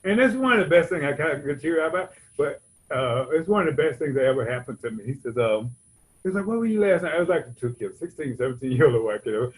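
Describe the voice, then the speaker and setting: This is a fast-talking man with a mid-range, animated voice, heard on a rough recording. He's from Georgia and stands on a convention hall stage at a recovery convention, rambling conversationally through his personal testimony with plenty of "you know what I'm saying."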